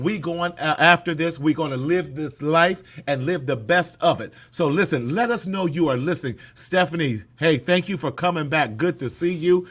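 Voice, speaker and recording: A man hosting a casual online talk show, energetic and playful, with loud whoops and laughs. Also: on the high side, slightly rough. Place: California.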